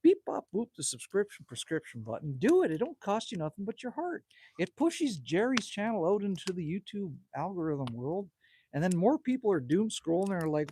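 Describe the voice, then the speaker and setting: Outdoors at his cabin by a campfire, a man in his fifties from Canada hosts a livestream, reading viewer messages and bantering crudely. His voice is high-pitched, sing-song, brisk and dark, with slight background noise.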